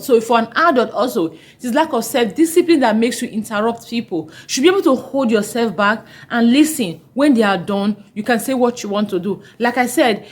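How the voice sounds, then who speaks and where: Earnest woman host, higher voice. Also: low-quality recording. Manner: earnest, emphatic, repeats key points. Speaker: parenting podcast host. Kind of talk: instructional talk.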